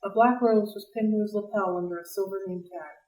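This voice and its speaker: A woman reading a novel aloud for a library read-along, in a lively, expressive way. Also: medium pitch, fairly quick. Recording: roomy, distant mic.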